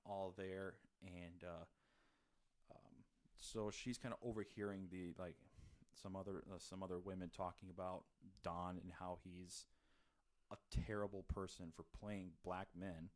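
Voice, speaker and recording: In this casual movie-review conversation, a man co-hosting a podcast walks through a film's plot at a measured pace. His voice sits low with little pitch movement, and he rambles with many fillers and restarts.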